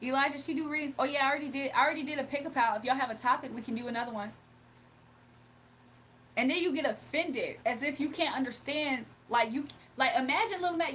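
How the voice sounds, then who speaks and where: A woman's voice: sits high, fairly bright tone, slight background noise. A woman hosting a livestream in a casual, blunt, scolding manner. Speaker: livestream host.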